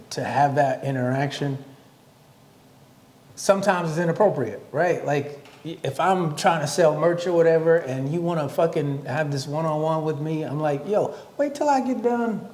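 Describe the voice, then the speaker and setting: A man's voice: a little high, measured pace, darkish tone. A man co-hosting a podcast, telling stories from his tours in a casual, reflective way with some swearing. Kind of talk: casual chat. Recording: echoey room.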